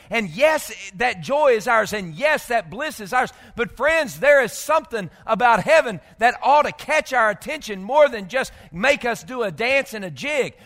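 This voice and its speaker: A male pastor delivering a sermon in a very high, bright, piercing voice. He moves between loud emphatic bursts and low, quiet stretches, often stuttering over repeated words. The sound carries a long hall reverb. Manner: repeats words when gathering thoughts.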